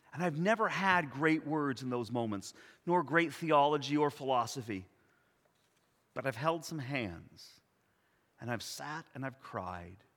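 A man in his sixties preaching a sermon, telling personal stories in an earnest, reflective way with soft pauses. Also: medium pitch, long reverb tail. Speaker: pastor.

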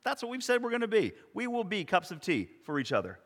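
A man in his sixties preaching a sermon, telling personal stories in an earnest, reflective way with soft pauses. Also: high voice, wildly swooping pitch, in a large hall. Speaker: pastor.

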